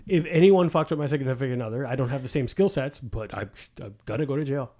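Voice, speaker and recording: He talks fast in a mid-range voice, hosting a casual podcast chat. Lots of cursing runs through his animated stories, and he acts out the quotes as he goes.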